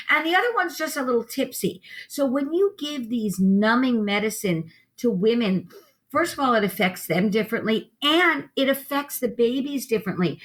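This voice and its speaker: A woman lactation consultant and herbalist being interviewed, talking emphatically and telling vivid stories from her practice. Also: fairly high pitch. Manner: emphatic, animated storyteller who addresses the host by name. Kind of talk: interview conversation.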